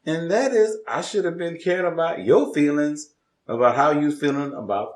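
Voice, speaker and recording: A man co-hosting a casual chat, animated and laughing, with emphatic swings in delivery. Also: a little high, normal speed. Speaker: co-host. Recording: roomy room echo.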